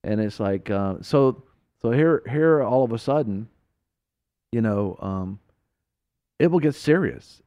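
A man's voice: medium pitch, warm tone, no room sound, clean studio sound. A man hosting a radio talk show, telling a story with laughs and acted-out quotes, then drawing a faith lesson from it.

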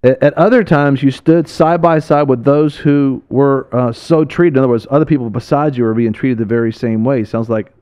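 A man's voice: mid-range voice, normal speed, hardly any pauses, warm tone, smooth. A man hosting a religious broadcast, preaching with a fervent, exhorting delivery and repeating phrases for emphasis.

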